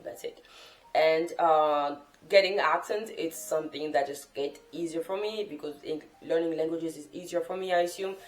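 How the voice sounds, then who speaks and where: Low-pitched woman, non-native English, unscripted chatty vlog, roomy camera-mic sound. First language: not English. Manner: rambling, chatty, self-correcting. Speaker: language-learning vlogger. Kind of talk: unscripted casual talk to camera. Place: sitting on the floor in a room at home.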